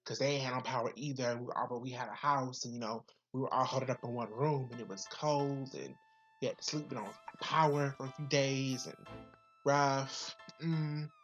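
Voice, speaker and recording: A woman's voice: very deep voice, fairly even intonation, moderate pace, breathy edge, dull audio, faint music behind. A young woman casually reviewing an episode, chatty and profane, with many fillers and repeats. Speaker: video reviewer. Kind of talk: casual recap and commentary.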